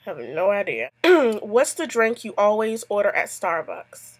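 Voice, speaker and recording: A woman's voice: mid-range voice, big pitch swings, a little slow. A woman, a mother, chatting casually to camera as she answers a tag, telling stories with lots of asides. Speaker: YouTube vlogger answering a tag.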